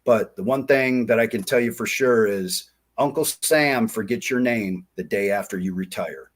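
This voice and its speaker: Folksy low-voiced veteran man. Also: normal speed. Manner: folksy, animated, acts out quoted dialogue. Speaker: podcast guest, diving company founder. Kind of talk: casual interview storytelling.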